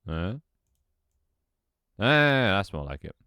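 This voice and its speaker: A man with a very deep, low voice mutters and thinks aloud while he builds a game level on stream. He swears freely, banters with his chat, and his voice sometimes cracks. The sound is dry and close, with no room echo. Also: big pitch swings, slow, bright, forceful tone, clean tone. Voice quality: voice cracks at times. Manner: mutters to himself, swears often, jokes with chat.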